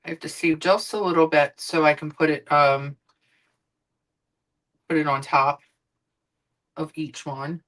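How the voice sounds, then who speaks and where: A woman's voice: sits low, steady tone, a little slow, long pauses, fairly bright tone, low-quality recording. A woman streamer chatting casually while she cooks, rambling and swearing now and then. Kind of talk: casual chat while cooking.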